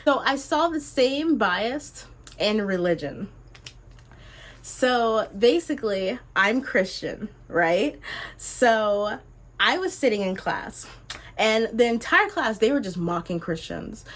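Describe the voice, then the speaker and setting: A young adult woman telling a story in a casual vlog, animated and exclamatory, and she jumps high in pitch when she is incredulous. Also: takes it slowly. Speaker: vlogger.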